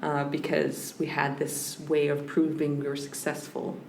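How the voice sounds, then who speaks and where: A woman's voice: low voice, monotone, measured pace, creaky, darkish tone. A woman guest on a podcast, a language scholar, talking in a reflective, searching way with frequent restarts. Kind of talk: reflective conversational interview. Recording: roomy with faint background hiss.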